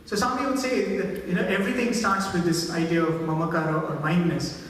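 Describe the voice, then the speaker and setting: A man tells stories in a spiritual talk, his voice sitting fairly high. He is heard from a distance in a big reverberant hall. A faint hum of room noise sits under him. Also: steady tone, brisk, a bit bright. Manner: storytelling, voicing characters in quotes, frequent "right?". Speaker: speaker giving a spiritual talk. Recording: echoey hall, voice from far off.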